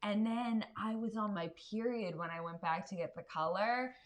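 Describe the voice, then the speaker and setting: A woman comedian hosting a casual podcast chat, telling stories in an animated way with lots of swearing. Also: mid-range voice, normal speed. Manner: animated, profane storytelling. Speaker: comedian host.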